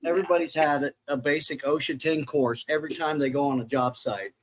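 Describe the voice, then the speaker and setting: A middle-aged man chats casually as a podcast guest, spinning long, jokey stories. His voice sits high for a man, and he slips into the voices of the people in his tales. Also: fairly even intonation, fairly quick, low-quality recording. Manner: rambling, jokey storyteller who acts out quoted voices. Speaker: podcast guest, construction safety worker. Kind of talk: casual storytelling chat.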